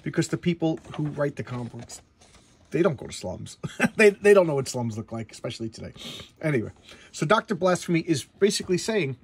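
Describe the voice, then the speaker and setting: A man's voice: a little high, very animated, fairly quick, husky. A man giving casual comic book commentary, rambling with stumbling restarts and blunt opinions.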